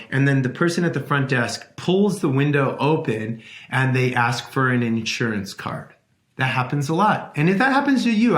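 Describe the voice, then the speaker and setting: A man, a dentist who owns his practice, giving a conference lecture and telling personal stories in an earnest way with emphatic swings. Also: mid-range voice. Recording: echoey room.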